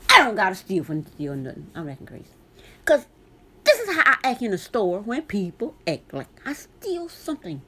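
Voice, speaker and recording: A woman's voice: mid-range voice, huge pitch swings, moderate pace, bright, forceful tone, slightly rough. A middle-aged woman, telling a story to camera in a blunt, sassy way. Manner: sassy, blunt, talks straight to viewer. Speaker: vlogger.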